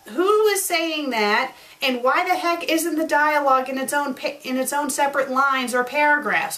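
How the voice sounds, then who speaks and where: A woman's voice: sits high, moderate pace, hardly any pauses, bright, forceful tone. A woman reviewing fan fiction, reading passages aloud and breaking in with sarcastic, exasperated commentary.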